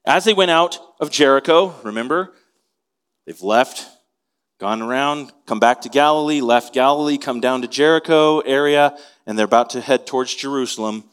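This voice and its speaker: A man's voice: mid-range voice, moderate pace, clear, resonant tone. Male pastor, conversational sermon delivery, mid-range voice, asks questions. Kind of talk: expository sermon.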